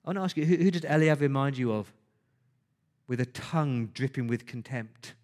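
A man's voice: mid-range voice, normal speed, a little mellow. A man preaching a sermon, emphatic, with rhetorical questions and words repeated for stress.

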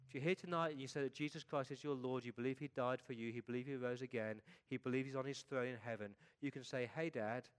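A middle-aged pastor preaching an earnest sermon at a middle pitch, letting his voice fall soft at the close of each point. He talks steadily and sincerely to his congregation. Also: fairly even intonation, fast, few pauses, clean tone.

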